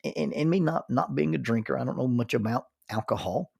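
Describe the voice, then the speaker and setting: A man's voice: mid-range voice, brisk, creaky, darkish tone, breathy edge, no echo, clean studio sound. A middle-aged man telling a personal story in a folksy, chuckling way. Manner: folksy, chuckles through his stories. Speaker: storyteller and minister.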